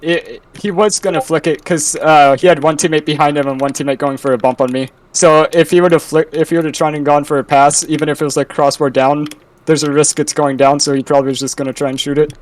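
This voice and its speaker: Male player, higher voice, a bit off the mic, excitable, laughs a lot. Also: quick pace, far from the mic, rough recording. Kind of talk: post-match interview.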